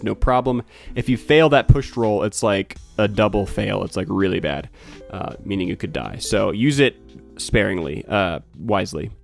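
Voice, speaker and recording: A man narrating as game master for a tabletop game, rambling and correcting himself with lots of fillers. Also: medium pitch.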